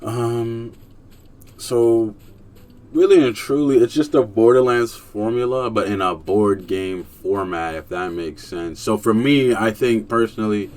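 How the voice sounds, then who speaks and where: A young man casually reviewing a video game in a laid-back, slangy way, chuckling and breaking into excited rants. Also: lowish voice, measured pace.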